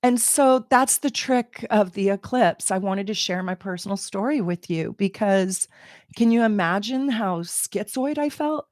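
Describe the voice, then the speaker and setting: A middle-aged woman, an astrologer, telling a personal story in an animated, emotional way, laughing and exclaiming. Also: mid-range voice, unhurried, dry recording, clean studio sound. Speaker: astrologer and channel host. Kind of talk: casual personal storytelling to camera.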